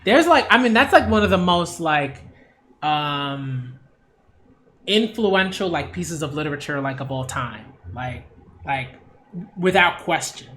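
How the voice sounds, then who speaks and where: Casting: a man doing a casual manga read-along, excitable and slangy, taking his time. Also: on the high side, unhurried, a little hiss or hum. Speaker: manga critic reading aloud.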